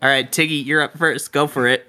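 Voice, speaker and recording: A man running a tabletop game session as game master, enthusiastic and quick to laugh. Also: fairly high pitch, steady tone, sharp tone.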